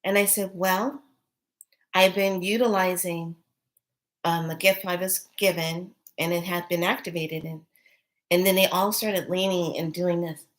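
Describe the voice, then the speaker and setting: A woman's voice: fairly low pitch, fairly even intonation, a little slow. A middle-aged woman, a priestess, telling a personal story in casual chat, breathless and full of wonder-struck exclamations.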